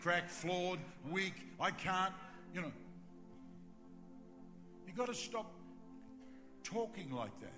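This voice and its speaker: An older man preaching a sermon as pastor, emphatic and building to shouts in prayer. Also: high voice, expressive, takes it slowly, pauses often. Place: large church hall. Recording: long hall reverb with music.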